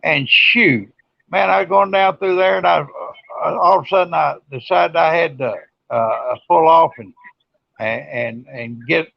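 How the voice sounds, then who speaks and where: A man, a truck driver, telling a story in a halting, folksy way with many pauses. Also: on the high side, creaky, no room sound. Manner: halting, fills gaps with uh, folksy words. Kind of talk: casual chat on a live stream. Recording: dull lo-fi sound.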